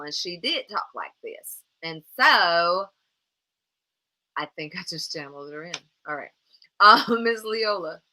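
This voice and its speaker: A woman hosting a live motivational coaching show. She talks straight to her viewers with emphatic, encouraging repetition. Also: fairly low pitch. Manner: encouraging and animated.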